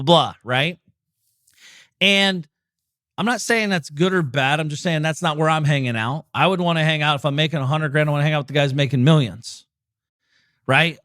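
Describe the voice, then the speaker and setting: A man's voice: on the high side, a bit bright, dry recording, studio quality. A middle-aged man hosting a podcast, giving a casual motivational talk full of rhetorical questions and swearing. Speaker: podcast host.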